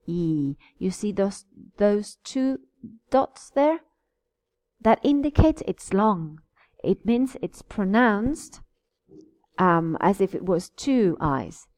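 Slow, patient woman teaching pronunciation. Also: mid-range voice, lively intonation, a little mellow, dry recording, clean studio sound. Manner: over-articulated model words, patient repetition. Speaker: English teacher. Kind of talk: slow, careful pronunciation lesson.

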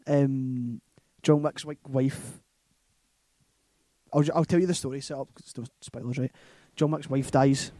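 A man's voice: mid-range voice, fairly even intonation, a little slow, dark tone, no echo. A man with a Scottish accent, co-hosting a casual movie chat and retelling a film plot in a loose, rambling way, full of "like" and "right?". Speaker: podcast co-host.

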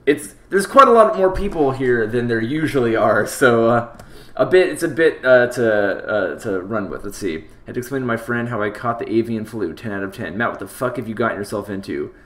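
A man's voice: medium pitch, lively intonation, brisk. A man live-streaming a game playthrough, reading the text aloud and joking about it between lines, talking to his chat. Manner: talks to chat. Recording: roomy echo with faint game music. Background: game music.

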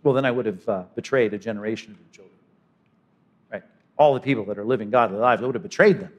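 A man preaching a sermon as pastor, swinging from loud to hushed and voicing imagined speakers. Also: on the low side, fast talker, lo-fi sound. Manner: dynamic preaching, voices imagined speakers, sudden drops to quiet.

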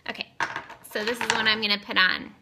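A woman's voice: fairly high pitch, little pitch movement, fairly quick, background noise. A woman in her thirties chatting casually on a live stream, giggly and rambling off on tangents. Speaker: cosmetics seller streaming live. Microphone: webcam or phone on camera.

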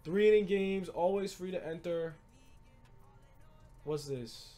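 A young man giving casual, excitable commentary on his gameplay, rambling and urging viewers to buy cards. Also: high-pitched, slow pace, faint music behind. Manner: excitable, rambling, urgent market tips. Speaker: gaming YouTuber.

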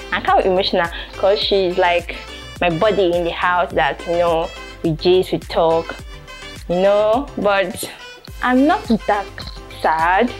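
A young Nigerian woman talking to camera in a casual vlog, chatty, repeating herself and filling with "you know". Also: mid-range voice. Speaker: vlogger and photographer.

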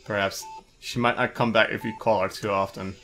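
A young gaming video host provides let's play commentary on a video game, goofing around, joking, swearing and laughing. His voice is lowish and a bit bright, with a level tone and a fairly quick pace.

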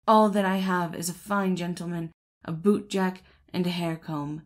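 A woman voicing a vain, boastful male shirt collar in a storybook, speaking with pompous, gushing flattery. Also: on the low side, normal speed, natural voice.

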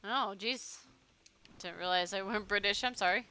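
A young woman chats casually while she plays a game on stream. Her voice is bright and forward, pitched in an ordinary middle range, and she drifts between game remarks and stray thoughts with the odd swear. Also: moderate pace, smooth. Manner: chatty, swears casually, talks to her pet. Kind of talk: casual gameplay chat.

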